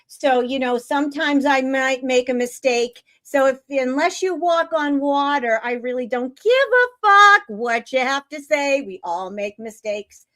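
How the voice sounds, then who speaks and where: A woman hosting her own livestream show, talking in a casual, excitable and blunt way. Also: on the high side. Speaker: show host.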